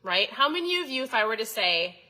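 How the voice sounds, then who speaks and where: Female host, 30s, bright voice, chatty motivational coach who asks the audience questions. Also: fairly high pitch, sing-song, fairly quick, low-quality recording. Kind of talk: casual motivational talk to viewers.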